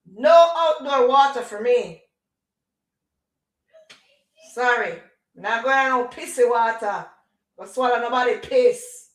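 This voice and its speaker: A middle-aged woman chatting casually on her livestream, animated and drifting into patois. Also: a little high, normal speed. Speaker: livestream host. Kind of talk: casual chat. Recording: echoey room.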